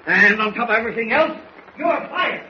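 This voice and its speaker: An actor in a 1940s radio drama playing a blustering, hot-tempered newspaper editor who sputters and shouts colorful exclamations. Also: male voice, fairly high pitch, lively intonation, brisk, close to an everyday voice. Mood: furious. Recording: dull old radio recording with faint hiss.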